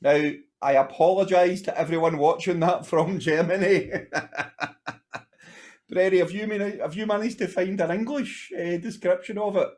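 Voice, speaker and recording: A man hosting a relaxed beer podcast with an easygoing, jokey way of talking. His voice is slightly high for a man. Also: unhurried. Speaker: podcast co-host.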